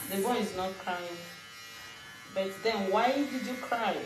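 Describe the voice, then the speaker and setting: A woman's voice: medium pitch, slow, reverberant, over music. A woman, a mother, chatting casually to her viewers while unboxing something at home. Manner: chatty, talks to viewers as friends. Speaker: mother vlogger.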